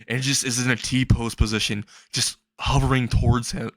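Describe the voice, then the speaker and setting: A man's voice: medium pitch, level tone, moderate pace, fairly bright tone, dry recording, clean studio sound. A young man improvising a comedic fan story, rambling and laughing at his own jokes.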